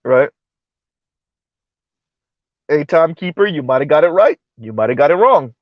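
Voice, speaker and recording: A man hosting a live-stream commentary show, talking in an animated, incredulous way, repeating words and restarting sentences. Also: on the high side, moderate pace, no room sound, muffled recording.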